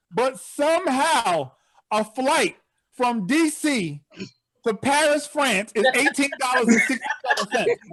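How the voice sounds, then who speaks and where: A man doing a virtual stand-up comedy set over a video call, telling stories with animated, incredulous outbursts. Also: very high voice, no echo.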